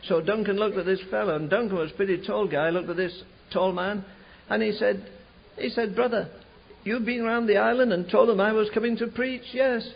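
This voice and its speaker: Husky high-voiced male preacher. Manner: animated storyteller, slows and rises for emphasis. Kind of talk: sermon storytelling. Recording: dull lo-fi recording.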